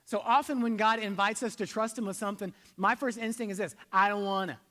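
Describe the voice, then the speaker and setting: This male pastor talks quickly, his voice sitting high with a steady tone, as he preaches conversationally. Loud emphasis gives way to soft asides, he leads the congregation in call-and-response, and the sound has long hall reverb.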